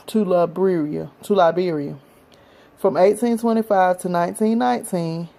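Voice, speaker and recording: A woman's voice: lowish voice, mellow, low-quality recording. A woman vlogger who is out of breath, reading a history passage aloud and then speaking earnestly and directly to her viewers.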